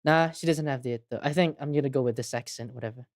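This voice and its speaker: A woman's voice: extremely low pitch, fast talker, a little mellow. A woman streamer chatting casually while playing a game, giggly and self-mocking. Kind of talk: casual gameplay chat.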